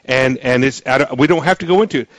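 A man's voice: mid-range voice, fast talker, fairly bright tone, no echo. A male radio talk show host interviewing a guest in an emphatic, joking way, with frequent restarts. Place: radio studio.

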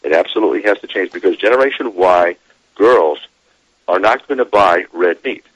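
A middle-aged man, a demographer, talking as a guest on a radio show, animated and laughing as he explains. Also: low-pitched, normal speed, husky, no room sound, low-quality recording. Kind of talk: radio interview.

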